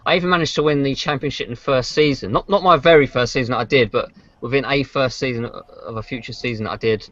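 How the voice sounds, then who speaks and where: A man's voice: medium pitch, fast talker, fairly bright tone, no echo. A man co-hosting a podcast, chatting casually about racing games in a rambling way with many restarts. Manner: rambling, frequent fillers and restarts. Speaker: podcast co-host. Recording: dull lo-fi podcast audio.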